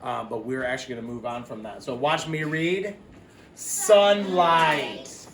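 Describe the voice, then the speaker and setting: A man teaching a phonics lesson to young children, patient and slow, repeating each word. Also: medium pitch, steady tone, reverberant, a crowd in the background. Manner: patient, explains words slowly and repeats them.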